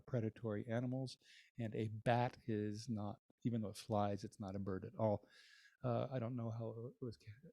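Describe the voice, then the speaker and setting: A cantor teaching an introductory class in a casual way, with many ums and uhs and wry asides. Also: male voice, mid-range voice, mellow, no echo. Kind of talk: recorded lecture with slides.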